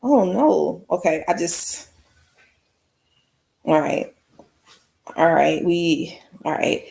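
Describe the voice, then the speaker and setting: A woman's voice: fairly low pitch, expressive, drawn-out words, gravelly, warm tone. A woman hosting a casual livestream, talking to her viewers in an effusive way and repeating her exclamations. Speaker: livestream host.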